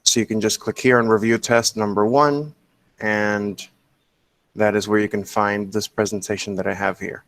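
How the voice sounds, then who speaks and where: A man's voice: lowish voice, little pitch movement, normal speed, fairly bright tone. A man teaching an online English class, explaining step by step in a patient way and often checking in with "okay?". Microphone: computer mic on a video call.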